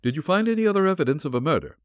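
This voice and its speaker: A man voicing a shrewd, courteous detective who speaks calmly, firmly and politely, read for a storybook. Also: on the high side, racing, no echo, clean studio sound, pitched above the performer's own voice, natural voice. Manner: calm, firm and polite.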